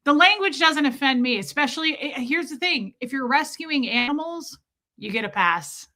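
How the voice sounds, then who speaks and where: Streamer lady from omaha, kinda high bright voice, chatting and greeting folks. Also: animated, moderate pace. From Omaha, United States. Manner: chatty, greets viewers by name. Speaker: streamer reacting to videos. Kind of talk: live-stream reaction chat.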